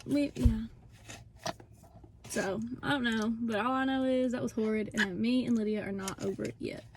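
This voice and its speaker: A woman's voice: on the high side, fairly even intonation, moderate pace, background noise. A woman, telling an indignant story in a casual vlog. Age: 20s. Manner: indignant, retelling with quoted dialogue. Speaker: vlog host.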